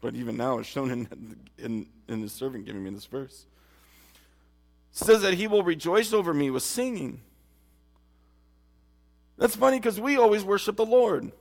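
A man's voice: fairly high pitch, big pitch swings, normal speed, gravelly, pauses often, darkish tone. A man preaching a sermon and giving his testimony, earnest and emphatic, speaking straight to his listeners. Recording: long hall reverb.

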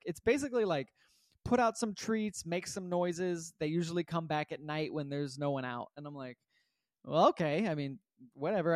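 A man with a fairly high voice tells a long personal story in a casual, rambling way, filling it with "like" and "right?". He is recorded close and dry. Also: no room sound. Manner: rambling, animated, full of "like" and "right?". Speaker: podcast host.

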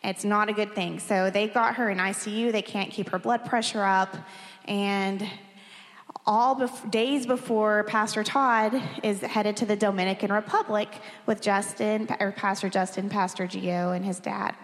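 A woman's voice: mid-range voice, fairly even intonation, a little slow. Woman pastor telling a personal story. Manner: candid, emotional storytelling with light laughs. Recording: long hall reverb.

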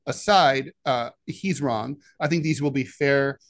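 A man co-hosting a political discussion podcast who talks in a halting way, with many "uh" fillers between phrases. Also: mid-range voice. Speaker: podcast co-host, editorial cartoonist.

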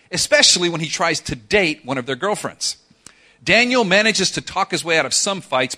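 A man in his thirties preaching a sermon, telling a story with lively swings from loud to soft. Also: a little high. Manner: animated storytelling with dramatic drops to soft voice. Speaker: pastor.

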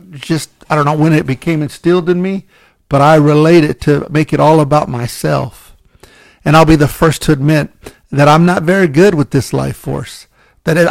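A male preacher with a gravelly, creaky voice that sits a little high, recorded close and dry. He talks to his listeners in a candid, self-deprecating way, starting sentences over and asking "right?" as he goes. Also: darkish tone, no echo. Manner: candid, self-deprecating, many restarts and "right?" check-ins. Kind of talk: conversational sermon.

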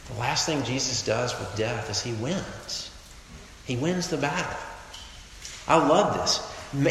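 A man preaching a sermon to a campus crowd, emphatic, swinging between loud declarations and hushed lines. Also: medium pitch, a little hiss or hum. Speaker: pastor. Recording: echoey hall, long reverb.

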